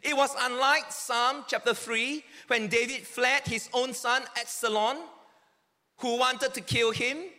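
A man's voice: very high-pitched, steady tone, slow pace, sharp tone. A man preaching a sermon earnestly, with emphatic, dramatic quoted cries. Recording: long reverb of a large hall.

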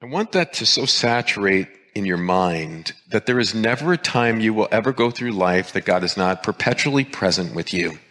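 A male pastor preaching a sermon with emphasis, repeating key phrases and slowing down to stress single words. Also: on the low side, animated, a bit bright.

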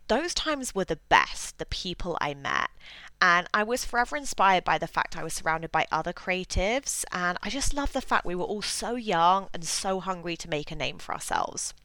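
A woman in her thirties tells her own story with lots of feeling and a voice that rises and falls freely. Her tone is bright and smooth, and she laughs often. The sound is close and dry, with no room echo. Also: lowish voice, normal speed. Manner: expressive, laughs often, animated retelling. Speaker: makeup artist telling her story. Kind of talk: personal storytelling monologue.

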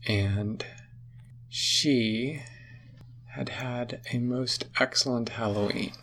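A woman telling a spooky Halloween story to children, slow and hushed, sometimes dropping into whispers. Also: rumbling low, creaky.

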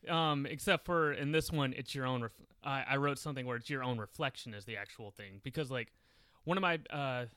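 A man's voice: mid-range voice, fairly quick, sharp tone, clear, resonant tone, no echo, studio quality. Rambling young male writer. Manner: rambling, lots of "like" and "um". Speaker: podcast guest, writer. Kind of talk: casual interview.

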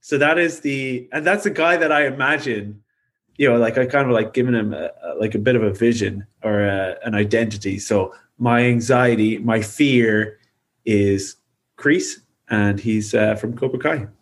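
A man co-hosting a podcast in casual chat, animated and rambling, with lots of filler words. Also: mid-range voice, normal speed. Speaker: podcast co-host.

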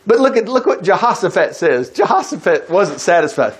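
Animated, high-voiced male preacher. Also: fairly quick, few pauses, slightly rough. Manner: folksy, chuckling, animated storytelling. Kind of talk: sermon, retelling a Bible story.

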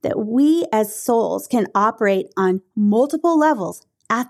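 A woman's voice: fairly high pitch, expressive, measured pace, darkish tone. A middle-aged woman hosting a podcast, telling a personal story earnestly, with many fillers and restarts. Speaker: podcast host.

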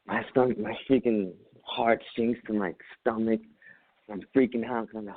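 A man, a Marine veteran, telling a story as an interview guest, animated, acting out his own quotes and laughing often. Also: fairly low pitch, a little fast, narrow, tinny audio. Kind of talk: casual storytelling.

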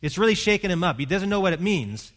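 A man preaching a sermon as pastor, telling a Bible story and voicing its characters, rising to loud emphasis. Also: sits high, very animated, fast talker.

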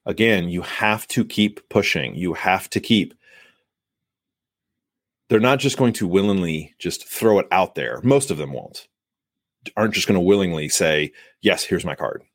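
Emphatic, low-voiced male sales coach. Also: expressive, measured pace, pauses often, dry recording, clean studio sound. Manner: emphatic, coaching, acts out buyer and seller lines. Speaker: sales podcast host. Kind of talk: solo podcast advice monologue.

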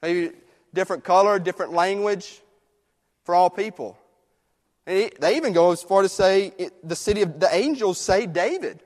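A man preaching a sermon in a conversational way, moving between quiet, hushed passages and emphatic ones. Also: high-pitched, expressive, normal speed. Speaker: pastor. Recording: long reverb of a church hall.

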